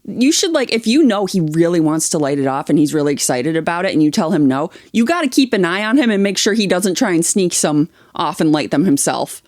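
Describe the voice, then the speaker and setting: A woman's voice: fairly low pitch, very animated, brisk, few pauses, a little mellow, no room sound, studio quality. A young adult woman co-hosting a podcast, reading online posts aloud and chatting with blunt, swearing opinions. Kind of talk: reading aloud and casual chat.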